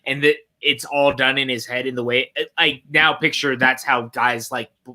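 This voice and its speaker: A man's voice: mid-range voice, fairly even intonation, normal speed, bright, forceful tone. A man hosting a casual movie watch-along chat, enthusiastic and teasing, with occasional swearing. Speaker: podcast host.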